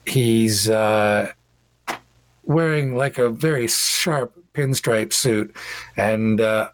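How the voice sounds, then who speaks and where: A man's voice: lowish voice, drawn-out words, dry recording. A man narrating a tabletop game as game master, in a casual, descriptive way.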